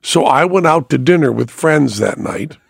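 A man hosting a podcast, telling a story in a casual, animated way and acting out other people's voices. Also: a little high, moderate pace, creaky, breathy edge, dry recording, studio quality. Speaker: podcast host.

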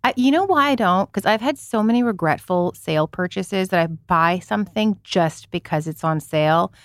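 A Canadian woman in her forties co-hosting a podcast, chatting casually and telling animated stories, swearing freely and laughing as she talks. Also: medium pitch, moderate pace, no echo. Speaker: podcast co-host. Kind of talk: casual chat.

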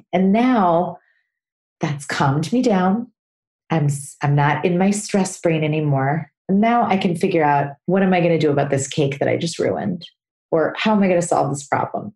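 A woman answers listener questions on her parenting podcast. Her voice sits fairly low and mellow, and she sounds earnest, acting out little examples along the way. The recording has a noticeably roomy echo. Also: normal speed. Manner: warm, earnest, explains with acted examples. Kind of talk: solo advice talk.

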